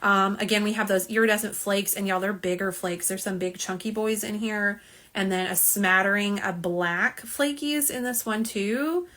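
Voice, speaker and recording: A woman's voice: mid-range voice, steady tone, moderate pace, a bit bright. A woman hosting a live nail polish unboxing stream, chatty and self-deprecating as she reads viewer comments aloud, filmed on a phone camera. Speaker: nail polish livestream host. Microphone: phone camera, front and back.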